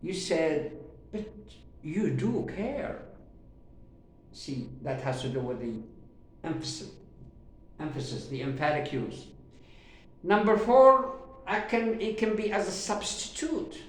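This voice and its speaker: A man teaching a grammar lesson who talks haltingly with many fillers and repeats himself, drawing out his example sentences slowly. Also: a little high, slight background noise. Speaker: English teacher. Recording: very echoey room.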